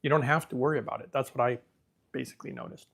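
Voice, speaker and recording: A man's voice: mid-range voice, rapid-fire, vocal fry, a bit bright, slight background noise. A man hosting a casual live question-and-answer stream, thinking aloud as he reads from the screen and talking with easy self-assurance. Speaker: livestream host answering viewer questions.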